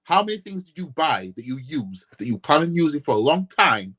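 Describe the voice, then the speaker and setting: A man's voice: a little high, very animated, a little fast, a bit bright, slightly rough. Ranting, swearing man from Yorkshire. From Yorkshire, England. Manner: blunt, profane, repetitive ranting with rhetorical questions. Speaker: football fan vlogger. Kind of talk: ranting casual vlog.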